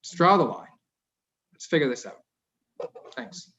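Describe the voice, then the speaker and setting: A man's voice: fairly high pitch, very animated, a little slow, fairly bright tone, a little hiss or hum. A Canadian man speaking as a city councillor at a council meeting, impassioned, his voice rising and breaking off. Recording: dull lo-fi meeting audio.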